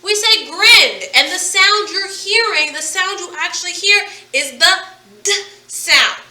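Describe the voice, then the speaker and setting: A woman's voice: extremely high pitch, unhurried, bright, forceful tone, recorded from a distance. A woman teaching a phonics lesson, patiently drilling words and asking questions. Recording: echoey room, away from the mic.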